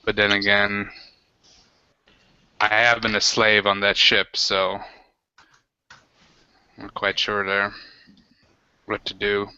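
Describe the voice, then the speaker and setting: A man playing his character in a tabletop game, talking haltingly with lots of restarts. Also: on the low side, monotone, bright, forceful tone, smooth, no room sound. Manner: halting, full of fillers and restarts. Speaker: player. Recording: dry, dull lo-fi sound.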